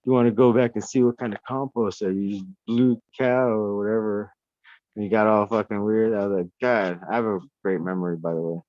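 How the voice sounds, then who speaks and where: A man chatting casually from home, rambling along with plenty of profanity and animated outbursts. His voice sits a bit low and comes across dry and close. The sound is slightly dull and lo-fi. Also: a little fast, no room sound. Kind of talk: casual chat. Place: indoors at home.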